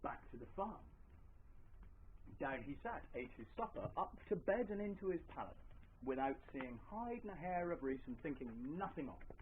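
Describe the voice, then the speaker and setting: A man's voice: fairly high pitch, big pitch swings, moderate pace. Guy telling a folk tale live in a hall, chatty, sing-songy, tinny phone-ish sound. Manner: chatty, with asides to the audience. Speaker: storyteller. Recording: tinny lo-fi live recording, faint hiss.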